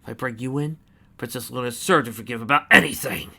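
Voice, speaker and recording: A defiant male pony ranger growls out his challenge, as a man reading a story does his voice. The delivery is forceful and bright, close to a plain storyteller voice. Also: mid-range voice, fast, vocal fry, exaggerated voice.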